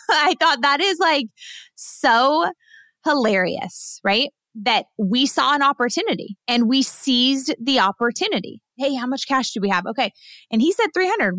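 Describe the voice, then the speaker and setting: A woman in her thirties hosting a podcast, telling a story in a chatty, animated way with lots of fillers and laughter. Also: fairly high pitch, no room sound. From Southern California. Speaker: podcast host. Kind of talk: casual storytelling monologue.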